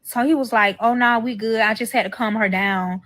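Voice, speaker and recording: A woman with a slightly high voice, speaking at a moderate pace, tells a profane story-time tale in a played clip. She's animated, swears freely and acts out the quoted lines.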